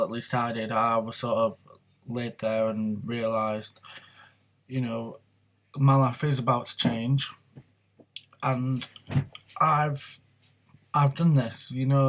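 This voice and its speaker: Candid man vlogging. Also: mid-range voice. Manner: rambling, open and confessional. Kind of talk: candid personal vlog talk.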